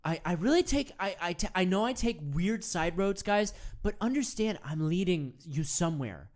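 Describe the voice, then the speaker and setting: A woman's voice: lowish voice, expressive, moderate pace, a little mellow, lightly acted. A woman playing a rambling male self-help guru. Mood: earnest rambling. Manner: stammering restarts, rambling, earnest preachy. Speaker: host. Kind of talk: improvised comedy monologue.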